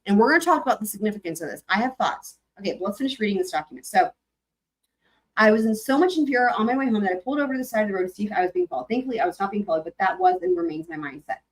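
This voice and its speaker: A woman hosting a live stream, reading court filings aloud and commenting on them in a chatty, animated way. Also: mid-range voice, racing, rough recording. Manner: chatty, animated, breaks into sung snippets.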